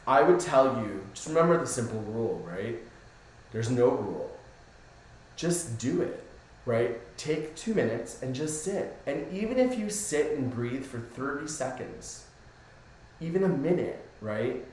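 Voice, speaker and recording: A man's voice: medium pitch, expressive, measured pace, a little mellow, a little hiss or hum. Easygoing coach guy chatting, keeps saying right, super echoey room. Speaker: spiritual coach. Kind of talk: casual podcast chat.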